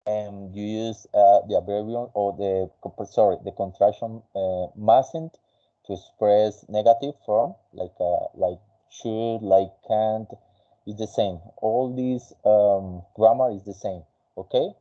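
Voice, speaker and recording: A man with a lowish voice runs an English lesson, patient and encouraging, stopping often with "uh" and "okay?" to correct his student. The audio is dull and lo-fi, like a call recording. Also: steady tone, unhurried. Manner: patient, coaching, many fillers. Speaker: English teacher. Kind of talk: online English class.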